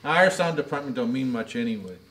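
Man, co-host, casual banter, deadpan quips, animated pitch. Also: brisk. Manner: deadpan one-liners.

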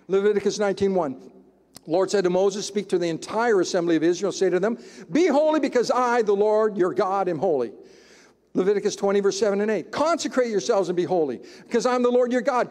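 A man preaching a sermon as pastor, in an emphatic, conversational style with dramatic pauses. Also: high-pitched, a little mellow, big-room sound. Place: church sanctuary.

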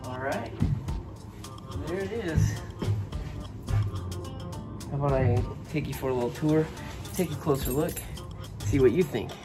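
A man's voice: fairly high pitch, measured pace, pauses often, loud music behind the voice. A man vlogging casually, telling a long story with many ums and restarts, then touring a storage unit he bought. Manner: chatty, rambling, frequent ums and restarts. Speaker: storage locker buyer and vlogger.

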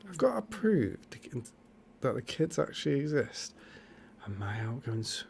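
Gravelly, lively man. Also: mid-range voice, a little slow, slight background noise. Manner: chatty, jokey, reads out viewer comments. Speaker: livestream co-host. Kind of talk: casual live chat with viewers.

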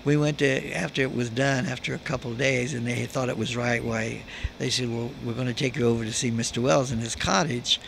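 A man's voice: mid-range voice, fairly even intonation, brisk, gravelly, fairly bright tone, slight background noise. An older man, a guest actor, telling chuckling anecdotes in an interview at a convention. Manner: chuckling storyteller. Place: convention floor.

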